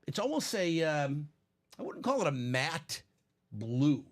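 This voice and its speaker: A man with a Chicago accent hosting a live sports card break, chatty and animated, laughing often. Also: a little high, takes it slowly. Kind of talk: casual live-stream chat.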